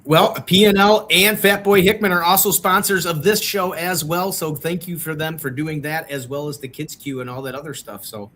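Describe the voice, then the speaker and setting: A man's voice: fairly high pitch, steady tone, moderate pace, hardly any pauses, a bit bright. A man co-hosting a casual chat show, talking in an eager, chatty way. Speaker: podcast co-host.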